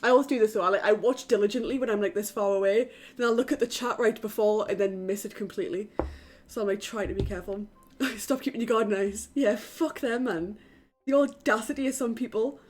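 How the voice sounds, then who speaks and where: A young woman from the UK, live-streaming a game from her flat, chatting casually with her viewers and swearing offhandedly. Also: mid-range voice, fairly quick, a little hiss or hum. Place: home in a flat.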